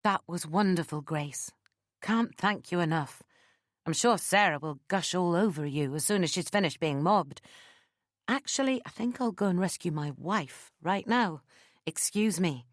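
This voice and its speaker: A woman's voice: lowish voice, unhurried, dry recording, studio quality, pitched above the performer's own voice, lightly acted. A woman voicing a cheerful, grateful man.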